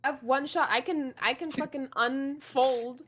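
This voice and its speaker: A woman's voice: high-pitched, fairly even intonation, normal speed, fairly bright tone. A woman playing in a tabletop game, giggly and hesitant, with lots of filler sounds. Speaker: player. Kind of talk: casual chat during a tabletop game.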